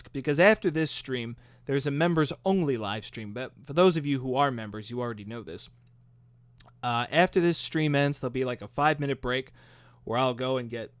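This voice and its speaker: A man's voice: medium pitch, clean tone, dry recording. A man hosting a live stream, chatting casually and upbeat as he answers viewer comments into a microphone. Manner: chatty, upbeat and self-deprecating. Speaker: host. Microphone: studio microphone.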